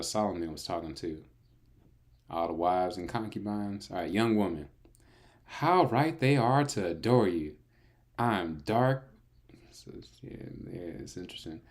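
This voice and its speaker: Very deep-voiced man reading scripture casually. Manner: playful, chatty asides. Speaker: Bible reader and narrator. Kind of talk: casual Bible reading with commentary.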